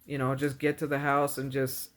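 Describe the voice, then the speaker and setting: A woman's voice: extremely low pitch, completely flat delivery, moderate pace. A woman casually retelling a dream, rambling and earnest, packing her speech with fillers and repeated phrases. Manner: rambling, full of "like" and "you know", repeats phrases; earnest and religious. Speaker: vlogger recounting a dream. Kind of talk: casual storytelling.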